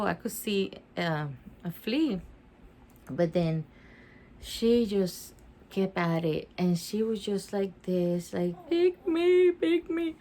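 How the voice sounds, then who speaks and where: A woman, a mother, reading a children's book aloud with chatty asides at home, expressive and laughing easily. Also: on the high side, slight background noise. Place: at home with her dog.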